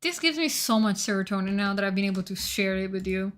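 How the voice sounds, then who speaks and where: A woman streamer chatting casually on a live stream, excitable and profane, rambling while she searches her notes. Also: mid-range voice, fast talker.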